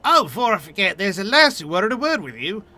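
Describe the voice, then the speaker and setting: A man voicing a gruff, brisk female guild proprietress from a video game, in a messy put-on mix of Boston and Cockney accents. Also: high-pitched, big pitch swings, bright, forceful tone, soft background music, pitched above the performer's own voice, heavily acted.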